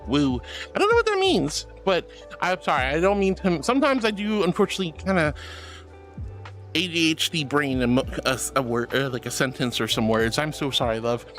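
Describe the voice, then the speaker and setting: A man's voice: on the high side, sing-song, fairly quick, a bit bright, soft background music. A man streaming live, casually reading chat and showering viewers with pet names like honey and darling, playful and giggly.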